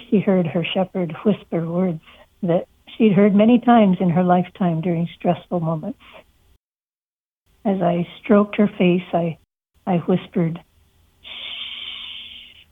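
A woman, a shepherd and author, telling heartfelt stories gently as a guest in a radio interview. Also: fairly low pitch, breathy edge. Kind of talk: personal testimony in an interview. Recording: tinny phone line.

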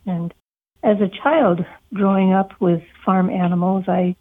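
A woman, a shepherd and author, telling heartfelt stories gently as a guest in a radio interview. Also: medium pitch, steady tone, a little slow. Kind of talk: personal testimony in an interview. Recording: tinny phone line.

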